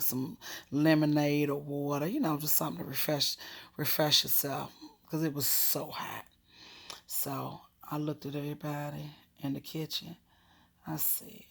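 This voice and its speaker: Gravelly, husky woman telling a story. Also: sits low. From Maryland, USA. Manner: animated, drops to hushed whispers for effect; frank, profane, laughs while telling. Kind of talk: casual personal storytelling.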